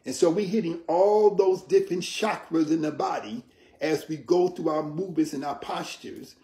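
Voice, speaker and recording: A man teaching about yoga in an interview, in a measured, explanatory way, often checking in with "right?". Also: on the high side, mellow. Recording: roomy echo.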